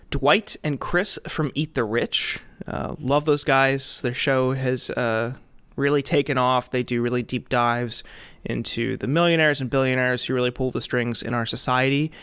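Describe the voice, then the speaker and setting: A man's voice: mid-range voice, a bit bright, smooth, dry recording. A man co-hosting a podcast, laid-back and joking, with many fillers. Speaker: podcast co-host. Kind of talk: casual podcast chat.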